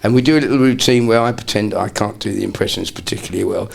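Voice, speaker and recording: A man's voice: fairly low pitch, quick pace, creaky, few pauses, breathy edge. An older man, a comedian guest, telling rambling anecdotes in a casual interview and slipping into impressions.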